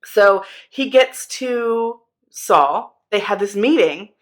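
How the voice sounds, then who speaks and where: A woman telling a Bible story to kids in a chatty, slangy, animated way. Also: mid-range voice, slow pace. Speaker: children's Bible teacher.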